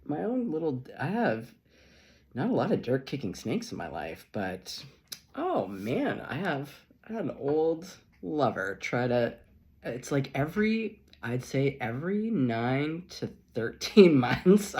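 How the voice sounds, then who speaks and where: A man's voice: medium pitch, very animated, a little slow, darkish tone. A man reading tarot who tells a long, rambling personal story in a chatty vlog, swearing casually and laughing often. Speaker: tarot reader.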